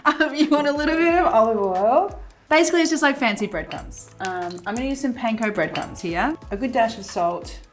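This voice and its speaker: Faint music plays behind a woman whose fairly high voice runs a little fast. She hosts a cooking show in a home kitchen, cooking as she chats her way through the recipe in a relaxed, casual style sprinkled with fillers.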